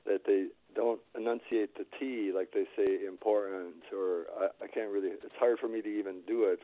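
A man calling in to a radio show, asking his question quickly and with curiosity. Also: on the low side, no echo. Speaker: caller. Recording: phone line.

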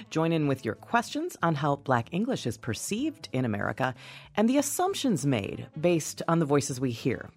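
A radio call-in show host giving clear scripted introductions and asking an interview guest questions. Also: medium pitch.

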